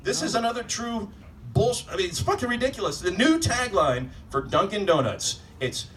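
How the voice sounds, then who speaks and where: Man, stand-up comic, sardonic profane rant, slightly high voice, off-mic, noisy club room. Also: expressive, moderate pace, fairly bright tone, far from the mic. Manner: sardonic, profane ranting with rhetorical questions to the crowd. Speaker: stand-up comedian. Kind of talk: stand-up comedy set. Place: live comedy club stage.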